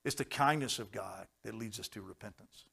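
A man preaching a sermon, telling stories with folksy jokes and chuckles, swinging from hushed tones to loud, fervent passages. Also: fairly low pitch, a little fast, creaky, husky.

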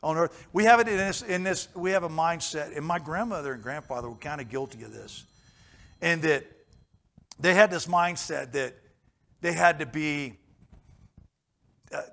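A man delivers an informal sermon in an earnest, storytelling way. His voice sits a little higher than most men's, and he often stops to ask the congregation questions. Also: normal speed, gravelly, long pauses, a bit bright. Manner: earnest, anecdotal, asks the listeners questions. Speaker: preacher.

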